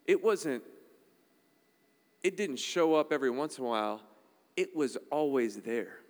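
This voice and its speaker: A man's voice: mid-range voice, expressive, unhurried, long reverb tail. A man preaching a sermon in a conversational, emphatic style, checking in with the congregation often. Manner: emphatic, conversational preaching with frequent "all right?" asides. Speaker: pastor.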